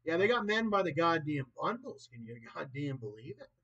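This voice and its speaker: A man in his late twenties vlogging in a rambling, profane monologue that swings between loud and soft. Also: fairly high pitch, very animated, fairly quick, slightly rough. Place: old property in the countryside. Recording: dull lo-fi recording.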